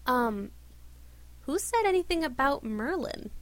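A woman's voice: high voice, very animated, unhurried, pitched above the performer's own voice. A woman voicing a sly, mild-mannered male knight asking innocent questions.

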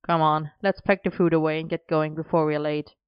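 A practical young man with a dry, matter-of-fact manner, voiced by a woman narrator. The voice is lowish and smooth, in a dull, lo-fi recording. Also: little pitch movement, a little fast, no room sound, close to an everyday voice.

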